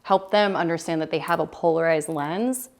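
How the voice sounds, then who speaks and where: A woman with a slightly low voice and a gravelly, creaky edge speaks at a retreat. Her talk is loose and rambling, full of fillers and restarts. She is in her thirties. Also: normal speed, a little mellow. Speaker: retreat presenter. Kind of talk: casual talk to a small group. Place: retreat room.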